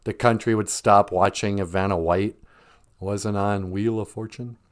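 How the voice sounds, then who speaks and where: A man's voice: on the low side, fairly even intonation, measured pace. A man hosting a podcast in a casual comedic monologue, rambling and laughing often between jokes. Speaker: podcast host.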